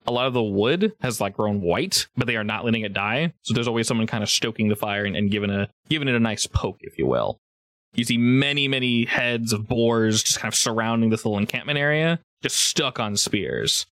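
A man runs a tabletop game, describing the scene in a loose, rambling way with plenty of fillers and restarts. His voice sits at an ordinary middle pitch. The recording is close and dry. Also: expressive, a little fast, fairly bright tone, dry recording. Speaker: game master. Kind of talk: improvised tabletop game narration.

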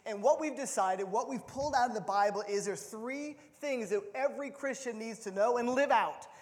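A man preaching a sermon as pastor of a church, playful and animated, often repeating words as he restarts a thought. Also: very high voice, normal speed. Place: church sanctuary. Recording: long hall reverb.

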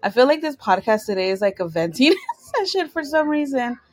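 A woman's voice: fairly high pitch, big pitch swings, a little fast, no room sound, low-quality recording. A young woman co-hosting a podcast from her bedroom at home, talking candidly with frequent swearing and laughter. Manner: candid, profane, laughs often. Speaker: podcast co-host. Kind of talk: casual podcast chat.

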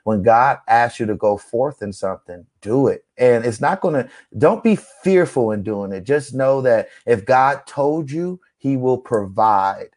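A man's voice: animated, a little slow, few pauses, darkish tone. Encouraging man hosting a faith chat. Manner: encouraging, preacher-like rises in pitch. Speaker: host. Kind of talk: casual faith conversation.

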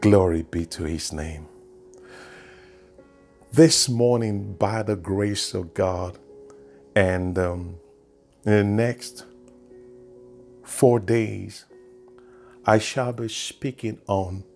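A man's voice: fairly low pitch, steady tone, extremely slow, pauses often, a little mellow, soft background music. A man preaching a sermon as pastor, leading prayer and building to emphatic bursts.

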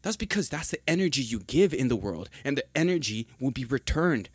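A young man hosting a podcast, talking in a heated, emphatic monologue with a husky voice, repeating points and swearing often. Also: medium pitch, big pitch swings, a little fast, dry recording. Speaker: podcast host.

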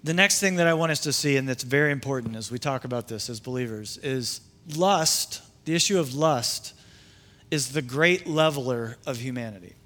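A man's voice: mid-range voice, normal speed, fairly bright tone. A man pastor preaching a sermon in a conversational way, with asides and restarts.

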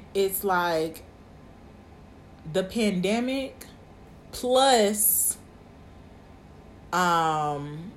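A woman's voice: fairly low pitch, slight background noise. A woman in her twenties hosting her podcast, talking candidly and casually to her listeners. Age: 20s. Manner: candid, chatty, uses y'all. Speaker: podcast host. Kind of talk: casual monologue.

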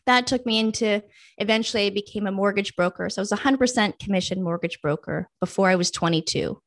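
Animated woman telling her story. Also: medium pitch, fast, no room sound. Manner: animated, acts out her own past thoughts and friends' lines. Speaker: guest. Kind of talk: storytelling in a casual interview.

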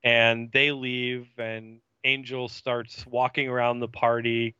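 A man's voice: mid-range voice, little pitch movement, slow pace, bright, forceful tone, clean tone, no room sound, highs cut off. A young man hosting a podcast, casually recapping a TV episode and acting out the characters' lines. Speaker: podcast host.

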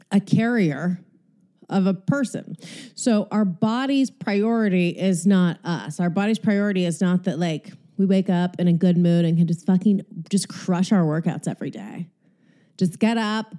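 A woman's voice: medium pitch, mellow. A woman hosting her own podcast in a casual, chatty, salty way, a little out of breath, recording from a hotel room. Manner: chatty, profane, self-deprecating. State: slightly out of breath. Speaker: podcast host. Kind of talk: casual solo podcast chat.

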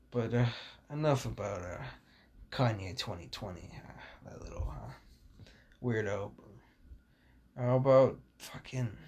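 A man's voice: medium pitch, creaky, husky. A young man hosting a casual podcast, talking in a blunt, rambling and profane way, full of fillers, with a sore voice. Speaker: podcast host.

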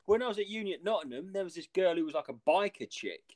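Man, podcast host, casual storytelling, sweary, lively intonation, slightly high voice. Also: fast talker, a crowd in the background. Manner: animated, sweary anecdote-telling with lots of "like".

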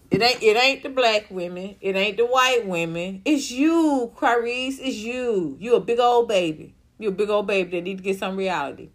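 A woman's voice: medium pitch, a little hiss or hum. A woman ranting bluntly and sarcastically as she comments on celebrity gossip.

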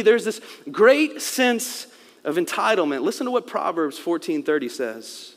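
A man's voice: high voice, lively intonation, moderate pace, fairly bright tone, big-room sound. A man preaching a sermon, explaining scripture in a conversational way and acting out quotes. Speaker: pastor.

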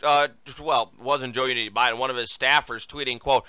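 Male talk host, political monologue, sarcastic rant, bright sharp voice, dry close sound. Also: mid-range voice, steady tone, a little fast, few pauses, clean tone, dry recording. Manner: sarcastic, ranting, addresses listeners as folks. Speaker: radio talk show host.

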